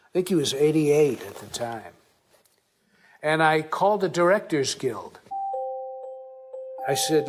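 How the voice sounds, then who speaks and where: A man telling a lively anecdote and acting out the dialogue as he goes. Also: a little high, takes it slowly, long pauses, soft background music. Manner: lively, acts out quoted dialogue. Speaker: storyteller recalling a meeting. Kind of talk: anecdotal storytelling.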